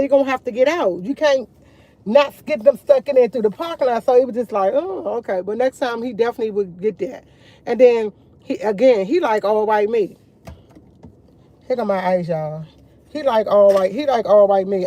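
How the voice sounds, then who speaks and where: A woman's voice: on the high side, fairly quick, warm tone. A woman chatting casually to her viewers over morning coffee, rambling and repeating herself as she tells stories. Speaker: vlogger.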